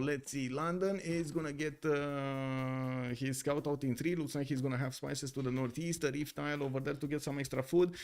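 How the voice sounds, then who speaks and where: Excitable, chatty male game caster. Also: on the high side. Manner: excitable, chatty, many fillers and restarts. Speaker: tournament caster. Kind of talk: live-streamed game commentary.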